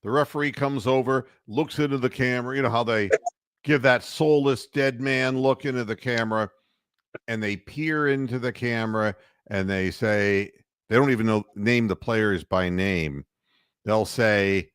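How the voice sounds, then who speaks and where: A man hosting a casual sports radio chat, talking in an animated, mocking way and laughing as he goes. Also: medium pitch, normal speed, clean tone, no room sound. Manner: puts on announcer and referee voices. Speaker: sports talk radio host.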